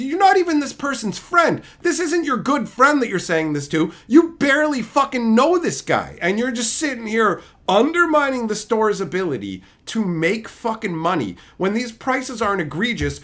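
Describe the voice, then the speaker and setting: A man's voice: high-pitched, very animated, normal speed, a bit bright. A man streaming as he opens card packs, heatedly ranting and swearing as he tells a story in casual chat.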